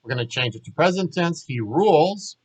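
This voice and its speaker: A man's voice: on the high side, lively intonation, fairly quick, rough recording. A man teaching a language lesson, patiently walking learners through verb forms and repeating each word for them. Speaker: Hebrew teacher.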